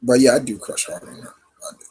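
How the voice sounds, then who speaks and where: A man's voice: medium pitch, fast, darkish tone, husky, poor audio. Rambling man hosting a live Q&A. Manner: rambling, heavy with fillers and restarts. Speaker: host of a live Q&A stream. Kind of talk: casual live chat.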